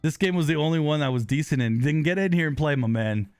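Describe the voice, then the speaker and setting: A man streaming a live online game, chatting with viewers, excitable with sudden loud exclamations and quick apologetic laughs, on a close desk microphone. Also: on the high side, clean tone, dry recording, soft background music. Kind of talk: live gaming stream chat.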